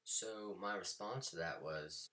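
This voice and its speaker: Deep-voiced man telling a rambling story. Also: slow pace. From United States. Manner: rambling, animated anecdote with many fillers and sudden whispered asides. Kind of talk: casual storytelling vlog. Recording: voice a bit far from the mic, faint background noise.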